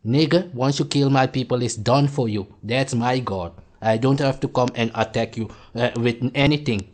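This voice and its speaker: Man, angry rant, insulting, mid-pitched. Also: normal speed. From Suriname. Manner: heated, insulting, repetitive. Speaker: commentator.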